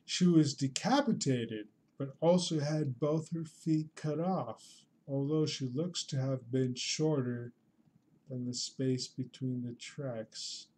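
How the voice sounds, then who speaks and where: A man's voice: mid-range voice, takes it slowly, a little mellow, a little hiss or hum. A man casually commenting on a livestream, with a dry and unimpressed manner, sighing and muttering as he reacts.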